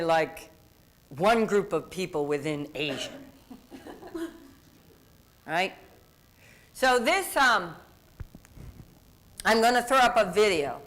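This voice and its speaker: A woman's voice: medium pitch, a bit bright. A woman diversity speaker giving a conversational lecture, often quizzing her audience.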